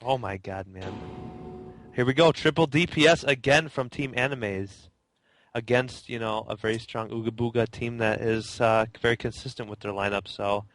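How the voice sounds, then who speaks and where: A man's voice: mid-range voice, normal speed, a bit bright, no room sound. A man co-casting an online game tournament with teasing, joking banter, talking into a headset. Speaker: esports co-caster. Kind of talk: casual game commentary.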